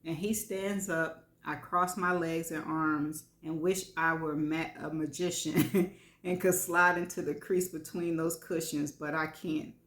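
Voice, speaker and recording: A woman's voice: deep voice, steady tone, unhurried, a bit bright. A woman giving a live reading of frank first-person fiction, wry and laughing between lines. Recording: echoey room.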